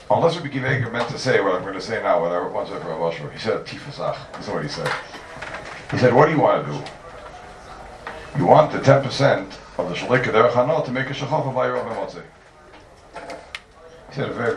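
A man giving a Talmudic lecture to a class, animated and repeating his points for emphasis. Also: lowish voice. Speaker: Talmud teacher. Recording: echoey room, distant mic, faint noise.

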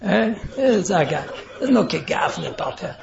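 A male rabbi teaches an animated Torah class and acts out what people say. His voice sits high and carries a gravelly edge. The recording is roomy and echoey, with a muffled, lo-fi sound. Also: measured pace, some chatter behind, slight background noise. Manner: animated, acts out quotes, mixes in Yiddish and Hebrew terms. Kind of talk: Torah class on speech ethics. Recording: echoey room, dull lo-fi sound.

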